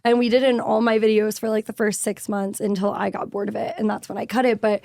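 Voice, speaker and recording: A young woman with a rustic, raspy voice, a content creator telling stories in a casual panel chat, full of "like" and fillers. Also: medium pitch, little pitch movement, fast talker, a little mellow, dry recording, studio quality. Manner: chatty storyteller, fillers and "like". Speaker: food content creator guest.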